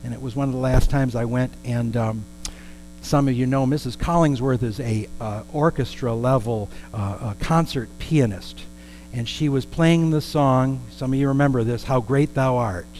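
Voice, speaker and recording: A man's voice: mid-range voice, moderate pace, darkish tone, slight background noise, rough recording. A man preaching a storytelling sermon in a conversational way, with asides and questions to the congregation.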